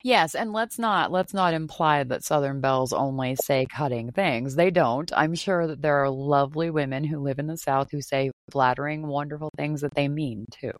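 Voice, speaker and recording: Low-voiced frank woman host. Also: moderate pace, few pauses, dry recording. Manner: frank, expressive, playful. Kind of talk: casual conversation.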